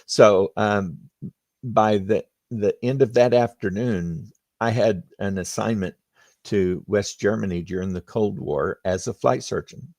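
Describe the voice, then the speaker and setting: Gravelly low-voiced older man. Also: darkish tone, no echo. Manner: unhurried, anecdotal, plainspoken. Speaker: podcast guest, retired flight surgeon. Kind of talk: conversational interview storytelling.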